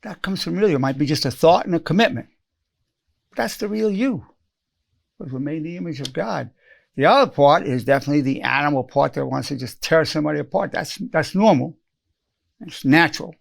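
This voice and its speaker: 80-something guy giving a self-help lesson, kinda high and gravelly, earnest, says things twice for emphasis. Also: expressive, brisk. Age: 80s. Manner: earnest, repeats lines for emphasis, acts out quoted phrases. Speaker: psychologist teaching a lesson.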